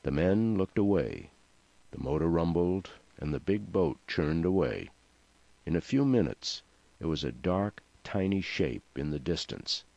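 A man narrating an audiobook with expressive storytelling. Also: low voice, unhurried, creaky, no room sound. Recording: dry, slightly muffled lo-fi recording.

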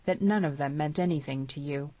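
A woman's voice: low voice, fairly quick, mellow, no room sound, lo-fi sound. A woman voicing a grave, stern young frontier man who speaks gloomily, in an audiobook.

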